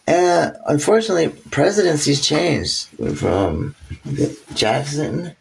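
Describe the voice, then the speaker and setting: A man's voice: slow, creaky, a little hiss or hum, low-quality recording. A man casually retelling history with crude jokes, laughing between points and jumping into quoted voices. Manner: animated, acts out quoted voices with sudden high pitch jumps.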